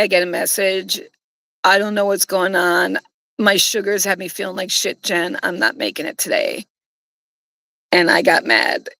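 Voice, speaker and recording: A woman's voice: mid-range voice, gravelly, bright, forceful tone, no echo, rough recording. A woman streamer telling a personal story in a casual, rambling way, swearing bluntly.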